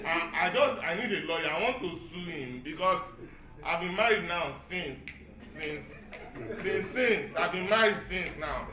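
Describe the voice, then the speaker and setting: A Nigerian-accented stand-up comedian in his thirties tells stories before a live audience in an event hall, his voice high for a man and carrying the large room's echo amid crowd noise. Unhurried yet animated, he acts out character voices and drops in Yoruba phrases.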